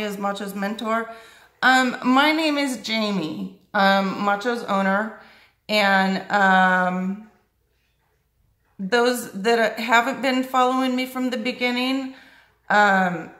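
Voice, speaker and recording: A woman's voice: fairly bright tone, echoey room, rough recording. A woman answering viewer questions about her dog in a casual vlog, rambling with lots of fillers and restarts. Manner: high sing-song baby talk to her dog. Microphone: phone held while scrolling.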